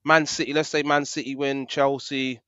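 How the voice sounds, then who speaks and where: A man's voice: medium pitch, level tone, normal speed, sharp tone, clean tone, no room sound, dull audio. A man co-hosting a casual football talk show, teasing his co-host with pointed questions. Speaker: podcast co-host.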